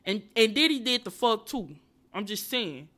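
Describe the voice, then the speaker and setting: A woman hosting a podcast, delivering a casual comedic monologue full of profanity and animated ranting, and speaking straight to her viewers and listeners. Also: fairly high pitch, normal speed. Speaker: podcast host.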